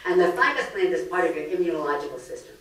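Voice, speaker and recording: A lively storyteller, this older Brooklyn woman delivers a joke-filled comic lecture in a library meeting room. She speaks quickly in a fairly low voice, captured by a distant mic in an echoey room.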